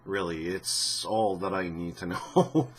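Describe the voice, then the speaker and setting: A man's voice: low-pitched, fairly even intonation, unhurried, breathy edge. A man giving casual commentary on gaming news for his channel, talking in a rambling, blunt way with many restarts and the odd swear word.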